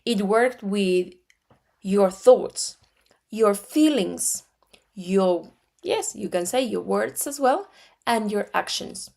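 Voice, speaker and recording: Argentine lady in her 40s, gravelly voice, slow spiritual teaching talk, restarts a lot. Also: medium pitch, a little mellow. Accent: Argentine Spanish. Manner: slow, deliberate, with frequent restarts. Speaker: metaphysics teacher.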